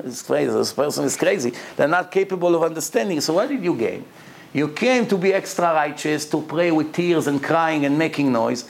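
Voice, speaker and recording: Man teaching a religious text. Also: on the high side. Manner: teaching with examples, non-native English with Hebrew quotes. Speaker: Torah teacher.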